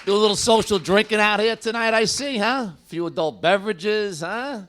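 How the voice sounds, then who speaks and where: A man's voice: sits high, normal speed, a bit bright, a little hiss or hum. A middle-aged man doing a stand-up comedy set in a comedy club, working the crowd with brash, joking banter.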